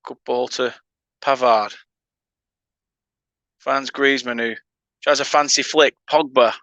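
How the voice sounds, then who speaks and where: This fan channel host, a man with a northern English accent, keeps up laughing banter with viewers during a casual football watchalong, dropping in play-by-play comments. His medium-pitched voice is steady, slow, bright and forceful. The recording is muffled, with no room sound.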